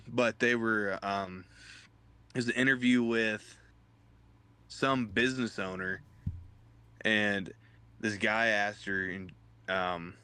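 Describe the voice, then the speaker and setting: A young man co-hosting a podcast, telling stories in a halting, laid-back way. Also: lowish voice, fairly even intonation, pushed and bright, clean tone, dry recording. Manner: halting, restarts often, laid-back storytelling. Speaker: podcast co-host. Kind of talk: casual chat.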